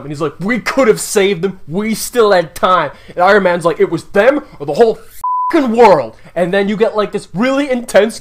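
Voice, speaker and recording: A man giving a casual, opinionated movie countdown, blunt and ranting, his voice jumping up when he gets worked up. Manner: animated, swings up and down in pitch when worked up. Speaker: movie reviewer.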